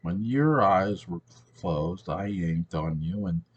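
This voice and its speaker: A man's voice: low voice, animated, takes it slowly, breathy edge, dull audio, exaggerated voice. A man voicing a wealthy scheming man who speaks smugly and dismissively. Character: rich, scheming man, smug and cold.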